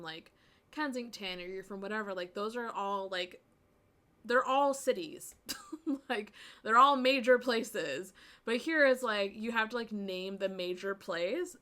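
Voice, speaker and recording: Speaking in a mid-range voice that's a bit bright, this streamer rambles through a casual chat with her viewers, laughing often. She has a Midwestern American accent tinged with Southern.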